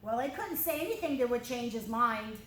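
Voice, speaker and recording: A woman with a bright, high voice leads a children's Bible lesson, drawing as she goes. She tells the story expressively and keeps asking the kids questions. Her voice rings a little in a roomy church space over a faint hiss. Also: normal speed. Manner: expressive, addresses children directly. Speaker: children's ministry teacher. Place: church room.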